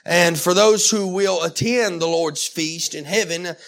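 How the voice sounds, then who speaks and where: A man preaching a sermon, animated and emphatic, with frequent restarts and calls of amen. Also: sits high, unhurried. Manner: animated, with many restarts and Southern-style "y'all".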